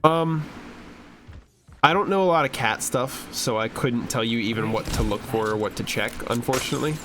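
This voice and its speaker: A man's voice: mid-range voice, normal speed, a bit bright, a little hiss or hum. Chatty male streamer coaching a player. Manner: repeats instructions, chatty and encouraging. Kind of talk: casual gameplay review coaching.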